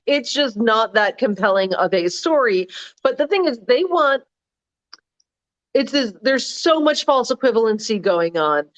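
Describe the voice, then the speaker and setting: A woman's voice: fairly high pitch, animated, measured pace, no echo, muffled recording. A woman co-hosting a casual political chat, sarcastic and prone to trailing off and restarting sentences. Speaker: political blog writer and co-host.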